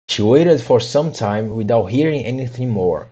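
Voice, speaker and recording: A man reading a children's book aloud, halting with frequent restarts and repeated words. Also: mid-range voice, lively intonation, warm tone, husky, dull audio. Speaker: audiobook reader.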